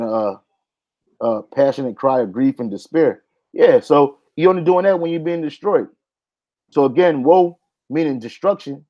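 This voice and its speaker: Emphatic man preaching, dull lo-fi sound. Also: on the high side. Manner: emphatic, says "man" often. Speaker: Bible teacher. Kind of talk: religious teaching talk. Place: Hawaii.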